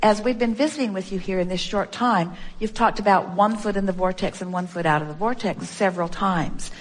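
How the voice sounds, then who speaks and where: A woman speaking to a workshop audience in a mid-pitched voice. She calls herself "we" and asks question after question. She presses her point by repeating the same phrase again and again. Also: a little fast. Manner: strings together rhetorical questions. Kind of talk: inspirational workshop talk to an audience.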